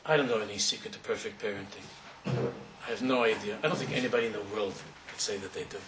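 A man's voice: on the low side, fairly even intonation, quick pace, noisy background. A middle-aged man, a rabbi, tells a story during a talk, speaking in a conversational, digressive way with frequent restarts. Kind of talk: sermon storytelling. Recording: roomy hall from far off.

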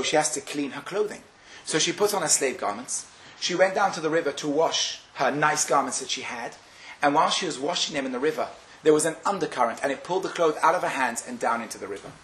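High-voiced guy giving a torah class, lively storytelling, echoey room. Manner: animated, acts out quotes with sharp pitch jumps.

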